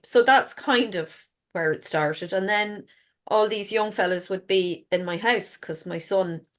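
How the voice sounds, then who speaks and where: A middle-aged woman, a guest author telling stories frankly in casual chat and swearing freely. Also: fairly low pitch. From Ireland.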